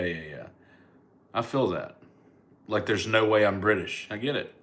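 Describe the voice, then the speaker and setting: A man with a Southern US accent, a comedian casually chatting live with his fans and answering their comments in a laid-back, rambling way. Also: mid-range voice. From United States.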